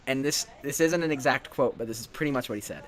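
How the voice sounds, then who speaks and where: A teenage boy chatting casually while gaming, telling animated stories and acting out his classmates' lines. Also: mid-range voice, fast. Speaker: gamer chatting while playing. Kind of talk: casual chat. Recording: faint game music behind.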